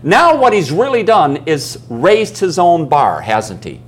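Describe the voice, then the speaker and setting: A man's voice: a little high, wildly swooping pitch, a little slow. A man giving a live coaching seminar, who keeps asking the room questions and acts out little stories. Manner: emphatic, asks the audience questions and acts out stories. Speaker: business coaching speaker. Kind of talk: live seminar talk to an audience.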